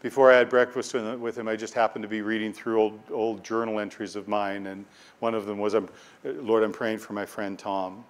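A man's voice: fairly low pitch, level tone, normal speed. A male pastor preaching a sermon, reading scripture aloud and stressing key words with swells of force, often repeating himself as he builds a point.

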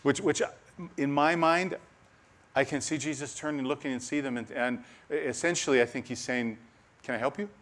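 A man preaching a sermon, animated with laughing asides, dropping to a soft hush on key lines. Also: mid-range voice, normal speed.

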